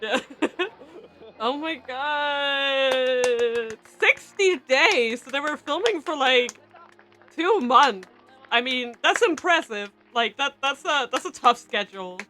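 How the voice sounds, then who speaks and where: Giggly high-voiced woman streamer. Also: animated, a little slow, pushed and bright, faint music behind. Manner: giggly, gushing, keeps laughing between remarks. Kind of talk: live-stream reaction commentary.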